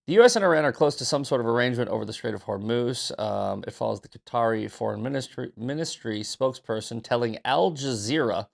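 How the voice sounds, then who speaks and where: Gravelly sarcastic man reading news. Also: mid-range voice. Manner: sarcastic, profane, offhand. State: just woke up. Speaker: host. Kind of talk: casual news commentary.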